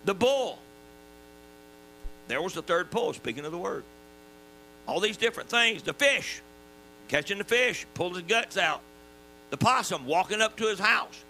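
Southern male preacher, high piercing voice, folksy emphatic sermon, hum under it. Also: lively intonation, moderate pace, pauses often, low-quality recording. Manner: folksy, emphatic preaching with sudden drops to quiet. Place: church.

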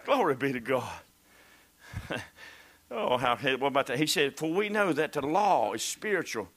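A man's voice: medium pitch, sing-song, moderate pace, long pauses, fairly bright tone. A man preaching a fervent sermon, exclaiming and dropping to whispers.

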